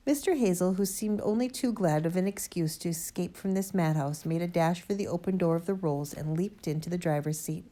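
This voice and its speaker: A woman narrating a children's storybook aloud in an expressive, lively way. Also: on the low side, a little fast, few pauses. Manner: lively expressive reading, first-person boy narrator. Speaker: audiobook reader.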